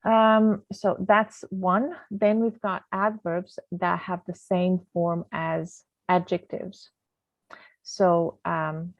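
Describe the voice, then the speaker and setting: A woman's voice: fairly low pitch, no echo. A woman teaching a grammar lesson over slides in a chatty way, with many ums, sometimes losing her thread. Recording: tinny phone-like, dry sound.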